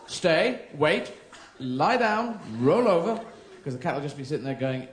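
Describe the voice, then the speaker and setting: British man in his thirties, stand-up, playful and rambling, lively up-and-down voice, echoey theatre sound. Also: sits high, moderate pace, hardly any pauses, noisy background. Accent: British English. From England. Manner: rambling, playful, jumps into silly character voices. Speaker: stand-up comedian. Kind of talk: surreal stand-up routine. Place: large theatre stage. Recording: echoey live theatre recording.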